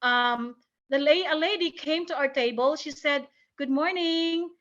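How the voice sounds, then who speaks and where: A woman telling her team about her experience on a video call, excited and hesitant, with many fillers and restarts. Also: high voice, normal speed, dull audio. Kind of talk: casual chat on a video call.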